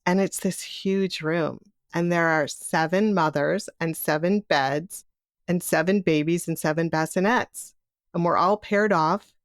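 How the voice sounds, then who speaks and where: Storyteller: middle-aged woman, lowish voice, vivid present-tense retelling, close dry mic. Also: measured pace, no echo. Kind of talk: live personal storytelling.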